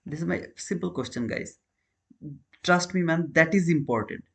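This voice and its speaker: Guy live trading stream, kinda high voice, english, earnest, keeps saying man and brother. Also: moderate pace, vocal fry, a bit bright. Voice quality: non-native English, repeats phrases. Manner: earnest, questions viewers, calls them man and brother.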